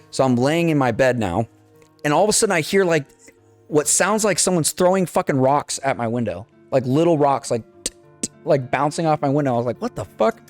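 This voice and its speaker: Animated young man telling a story. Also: fairly high pitch. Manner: swears freely, animated retelling with quoted dialogue. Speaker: podcast co-host. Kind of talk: casual storytelling chat.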